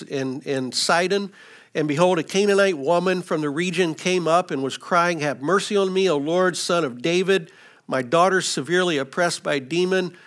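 A man's voice: high voice, a bit bright. A man preaching an expository sermon, teaching through scripture verses with frequent restarts. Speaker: pastor.

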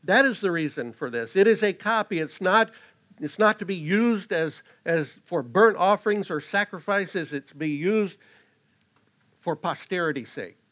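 Male pastor, higher voice, earnest sermon delivery, stresses key lines. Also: animated, normal speed, fairly bright tone. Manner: earnest, with restarts and rising emphasis on key phrases.

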